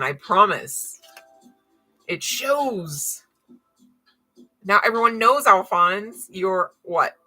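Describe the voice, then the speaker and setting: A woman giving live tarot readings to viewers, excitable and thinking aloud as she turns cards. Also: fairly low pitch, low-quality recording. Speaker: tarot reader.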